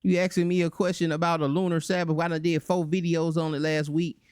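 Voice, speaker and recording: A man hosting a reaction commentary, animated and mocking, breaking into voices to make his points. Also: on the high side, fairly quick, smooth, dry recording, clean studio sound. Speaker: channel host.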